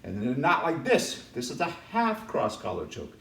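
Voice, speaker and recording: A man's voice: mid-range voice, huge pitch swings, moderate pace, gravelly, a bit bright, slight background noise. A man teaching kids jiu-jitsu, walking through each move step by step and checking in with "all right?" along the way. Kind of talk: demonstrating technique for kids. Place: martial arts academy mat room. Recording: echoey room from far off.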